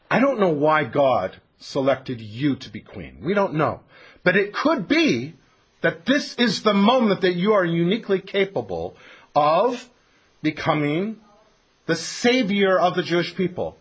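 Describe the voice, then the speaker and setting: A man teaching a text study lesson, with a slightly husky voice that sits a little high. He tells the story with plenty of swing in his pitch and reads his sources aloud. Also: big pitch swings, unhurried.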